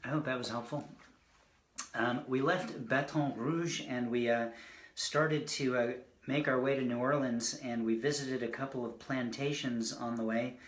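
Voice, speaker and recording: A man's voice: mid-range voice, steady tone, normal speed, reverberant. A man giving a casual poetry reading, rambling and joking between poems. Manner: rambling, self-deprecating asides between poems. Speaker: poet reading his work. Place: indoors, online reading.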